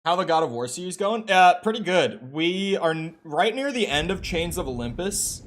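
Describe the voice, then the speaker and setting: A man's voice: high voice, expressive, normal speed. A man streaming a game live, chatting casually with viewers and swearing freely while he plays. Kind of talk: live gameplay commentary. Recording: faint music behind.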